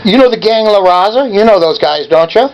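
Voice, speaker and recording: Here a man in his 70s rings an office and confronts the person on the line, badgering them relentlessly. His voice sits high and is expressive and brisk. The recording is muffled, with a bit of hiss or hum.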